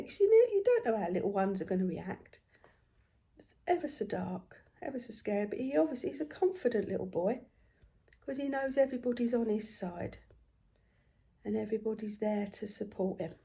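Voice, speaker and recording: An older woman, chatting casually about family while she stitches at home, telling stories with lively swings and quiet hushed asides. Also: a little high, normal speed, pauses often. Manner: chatty, animated storytelling, dropping to hushed asides. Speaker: craft vlogger.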